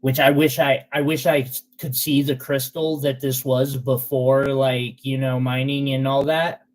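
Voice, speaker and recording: A man's voice: medium pitch, level tone, a little slow, a little mellow. A man selling gemstones on a live stream, chatting in a casual, sentimental way with loose fillers. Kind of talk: casual live sales chat.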